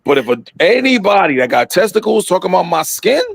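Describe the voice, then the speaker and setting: A middle-aged man telling a story in casual podcast chat, animated and profane, acting out what people said. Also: high voice, fast talker, vocal fry, husky, no echo. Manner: animated, profane, acts out quotes.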